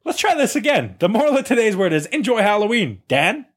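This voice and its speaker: Lively-voiced young man hosting, laughing often. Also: high-pitched, fairly quick, breathy edge. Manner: joking, laughs often, rambling. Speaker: podcast host. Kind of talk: casual chat.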